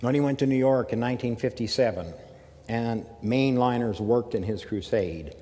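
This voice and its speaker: A man from the American South giving a measured academic lecture, with emphatic phrasing and pauses. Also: medium pitch, mellow, big-room sound. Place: lecture hall.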